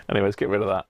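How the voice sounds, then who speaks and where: A man's voice: on the low side, no echo. A middle-aged man hosts a casual live stream from his home workshop, chatting, greeting viewers by name and chuckling often. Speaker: livestream host.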